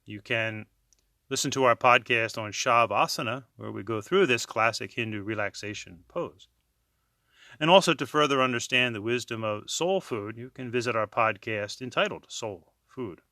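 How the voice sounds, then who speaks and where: A man leading a guided breathing lesson as a yoga teacher, counting beats and chanting slowly and calmly. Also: mid-range voice, no room sound, clean studio sound. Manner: slow, calm counting and chanting.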